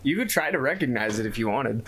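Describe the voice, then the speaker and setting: A man narrates as game master at a tabletop session. His middle-pitched voice rises and falls freely as he talks. He meanders through rulings with casual fillers, and there is a faint hiss under his voice. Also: animated, fast talker.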